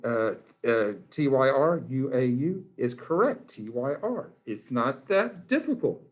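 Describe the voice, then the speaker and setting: A man's voice: medium pitch, very animated, unhurried. A man, a biology teacher in his classroom, quizzing students by name in a playful, encouraging way. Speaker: high school biology teacher.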